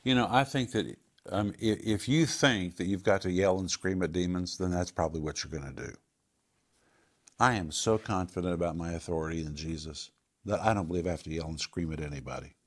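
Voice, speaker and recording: Deep-voiced man teaching with calm confidence. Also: fairly quick. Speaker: Bible teacher. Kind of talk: answering viewer questions on a talk show.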